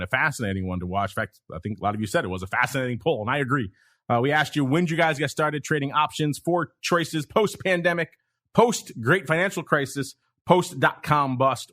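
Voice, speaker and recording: A man hosting a podcast in a brisk, chatty manner, moving through listener mail and poll results. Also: medium pitch, fairly bright tone, dry recording, clean studio sound. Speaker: podcast host.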